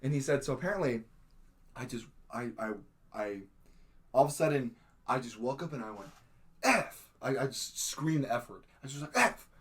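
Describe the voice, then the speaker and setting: A young adult man telling a story in casual podcast chat, acting out quotes with sudden shouts. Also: mid-range voice, fairly quick. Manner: many fillers and restarts, laughing. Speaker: podcast host.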